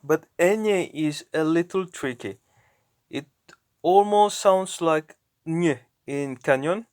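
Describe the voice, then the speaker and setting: A man narrating his own language lessons, talking slowly and haltingly and often correcting himself. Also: a little high, darkish tone, smooth, no room sound. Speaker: language learner. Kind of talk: narrating app lessons aloud.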